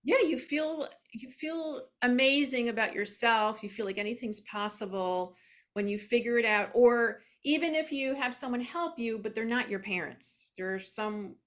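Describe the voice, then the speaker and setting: A woman hosting an interview, chatting warmly and emotionally about her own experience. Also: a little high, normal speed. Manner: warm, emotional, chatty storytelling. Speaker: podcast host. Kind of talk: casual interview.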